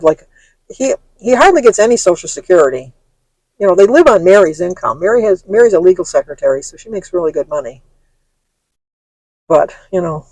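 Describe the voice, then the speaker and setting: A woman's voice: fairly low pitch, a little mellow, no room sound, rough recording. An older woman vlogging from her car as she drives, venting bluntly and angrily and swearing freely. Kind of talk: venting personal story to camera. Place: in a car while driving.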